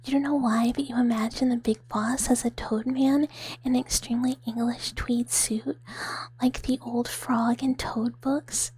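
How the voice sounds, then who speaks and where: A woman hosts a whispered role-play stream in a soft, breathy whisper that sits a little high. She chats with viewers in a giggly, easygoing way, her voice airy and hushed throughout. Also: steady tone, unhurried. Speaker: ASMR streamer.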